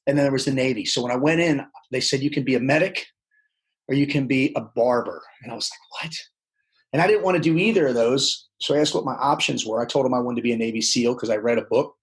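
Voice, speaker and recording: Animated man telling stories. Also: mid-range voice, quick pace, poor audio. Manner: animated storyteller, acts out quotes. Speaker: podcast guest. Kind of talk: casual storytelling interview.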